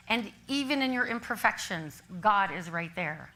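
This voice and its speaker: An older woman giving a sermon as minister, telling stories in an animated way and laughing often. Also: medium pitch, normal speed, low-quality recording. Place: church service.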